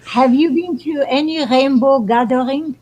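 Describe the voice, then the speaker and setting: A woman's voice: high-pitched, measured pace, a little mellow, rough recording. A woman guest on a talk show, telling spiritual stories in an earnest, meandering way. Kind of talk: casual storytelling chat.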